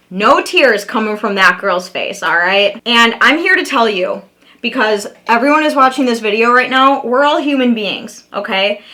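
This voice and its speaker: Young female commentary vlogger, bright tone, pitched a bit high, blunt and sarcastic to camera. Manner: blunt, sarcastic, talks straight to viewers. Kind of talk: reaction commentary.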